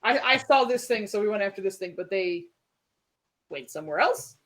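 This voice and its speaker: A woman's voice: mid-range voice, lively intonation, normal speed, a bit bright. A woman running a tabletop role-playing game, narrating scenes and voicing characters in a chatty, casual way. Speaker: game master.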